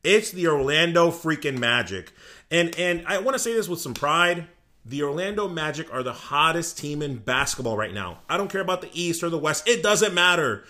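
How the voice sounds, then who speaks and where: A man co-hosting a sports podcast, talking in an excitable, boastful way about his favorite team. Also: a little high, normal speed. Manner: excitable, boastful fan talk. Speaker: podcast co-host. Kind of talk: casual sports chat.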